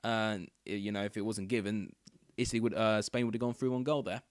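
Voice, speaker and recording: A young man hosting a football watchalong, chatting casually and calling the match live, getting loud and excited when chances come close. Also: fairly low pitch, fairly quick, no room sound. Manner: chatty, rambling, bursts into excited shouts at near misses.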